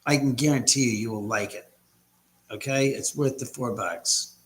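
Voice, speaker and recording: A man's voice: medium pitch, normal speed. A man hosting a casual live stream from home, rambling and blunt with casual swearing. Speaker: livestream host. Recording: echoey room.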